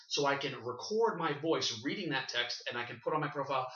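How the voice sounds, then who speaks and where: A man's voice: medium pitch, expressive, a little fast, few pauses, sharp tone. Canadian male co-host, casual, rambling and eager, heard from a distance in an echoey room with dull lo-fi sound. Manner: rambling, enthusiastic, many fillers and restarts. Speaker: podcast co-host. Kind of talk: casual panel chat. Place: shared room.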